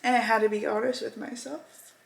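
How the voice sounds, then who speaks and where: A woman talks openly to her viewers in a personal weight-loss vlog, earnest and confessional, with real emotion in her voice. Her tone has a gravelly, fry-laden edge. A clear hiss of noise runs under the recording. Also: fairly high pitch, fairly even intonation, fairly quick, rough recording. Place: at home.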